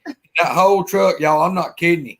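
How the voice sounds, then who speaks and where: Bright-voiced man spinning yarns. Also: on the high side, normal speed. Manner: animated yarn-spinner, folksy. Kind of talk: casual storytelling chat.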